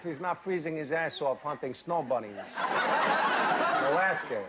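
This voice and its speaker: Deadpan man reading a fairy tale. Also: fairly high pitch, very noisy. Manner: deadpan, with odd pauses and asides. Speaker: storyteller. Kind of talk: comic fairy-tale reading to a live audience. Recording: live stage reading, loud audience laughter.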